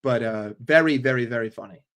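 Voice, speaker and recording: A man's voice: medium pitch, a little fast, fairly bright tone. Rambling, profane man streaming. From New York. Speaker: football fan streamer. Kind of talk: casual live-stream rant.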